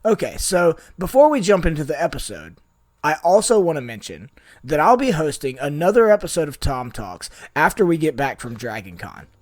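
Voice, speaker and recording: An upbeat young man opens his tabletop gaming podcast with a chatty scripted intro. His voice sits a little high and swings around a lot, full of enthusiasm. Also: sing-song, normal speed, a little mellow, dry recording. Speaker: podcast host.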